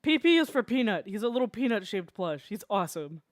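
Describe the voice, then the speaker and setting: Animated laughing streamer, dry sound. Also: mid-range voice, brisk, no room sound. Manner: animated storyteller, laughs often. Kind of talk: casual chat while drawing on stream.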